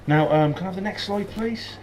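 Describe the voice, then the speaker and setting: A man's voice: high voice, fairly quick, a little mellow, a little hiss or hum, rough recording. A Welsh-born man who has lost his Welsh accent, giving a talk to a live audience in a pub function room, hesitant with many ums and joking asides. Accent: English, lost Welsh accent. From Wales. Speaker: guest speaker.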